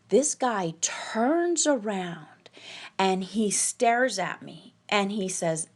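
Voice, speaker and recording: Woman telling a scary true story on a podcast, halting, tense, quoting people, mid pitch. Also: expressive. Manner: tense, halting retelling with quoted dialogue. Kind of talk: personal storytelling.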